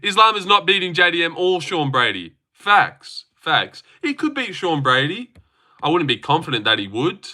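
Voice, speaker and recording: A man's voice: on the high side, big pitch swings, moderate pace, sharp tone. A young man hosting a casual livestream, bantering brashly and profanely with his chat as he reads their comments. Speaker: livestream host.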